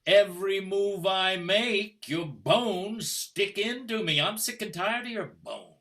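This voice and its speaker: Older actor as a sneering husband on a video-call stage play, bright tense voice, slow delivery. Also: male voice, high voice, full character voice. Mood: scornful. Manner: taunting, mocking, coldly deliberate. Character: scornful middle-aged husband baiting his wife. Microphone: computer mic on a video call.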